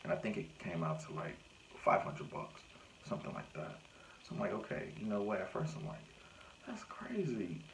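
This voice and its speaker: A man, recounting a personal story to camera in a casual, animated way and acting out what people said. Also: sits low, a little fast, creaky, slight background noise, poor audio. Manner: animated retelling with acted-out quotes. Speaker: vlogger.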